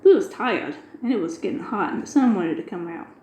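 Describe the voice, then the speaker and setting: A woman's voice: medium pitch, lively intonation, fairly quick, darkish tone, roomy sound, a little hiss or hum, poor audio. A middle-aged woman, chatting casually and retelling a long everyday story with quoted dialogue. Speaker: craft video host. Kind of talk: casual chat while diamond painting.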